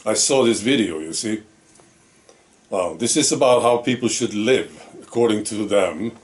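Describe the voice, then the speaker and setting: A man giving a casual monologue to camera as a video commentator, often tagging his statements with rhetorical questions. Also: on the low side.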